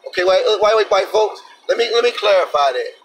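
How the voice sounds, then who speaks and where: A man's voice: sits high, animated, brisk, recorded from a distance, slight background noise, low-quality recording. A man vlogging an indignant, emphatic opinion rant with plenty of profanity. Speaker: vlogger, truck driver.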